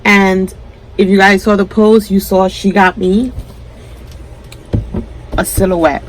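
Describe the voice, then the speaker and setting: A woman hosts her crafting vlog, speaking straight to camera with heartfelt emotion and close to tears. Her voice sits in a medium pitch range. A faint noise hums under the recording. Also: level tone, slow pace, long pauses, poor audio. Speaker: crafting channel host.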